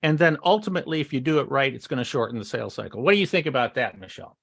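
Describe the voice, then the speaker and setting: A man's voice: medium pitch, animated, racing, vocal fry, fairly bright tone. A man co-hosting a marketing podcast, talking casually in long rambling sentences with many restarts. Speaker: podcast co-host. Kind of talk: casual chat.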